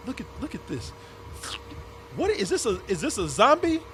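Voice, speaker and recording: A high-voiced man with a lively, swooping delivery hosts a late-night comedy stream. His tone is bright and cutting, and his talk is profane and full of laughter. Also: moderate pace, slight background noise. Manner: loud laughing, profane, animated. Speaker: host. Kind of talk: comedic live stream banter.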